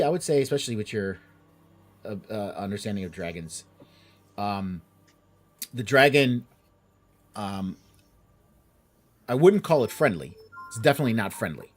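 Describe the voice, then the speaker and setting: Male game master, deep and husky, halting narration. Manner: halting, with many fillers and restarts.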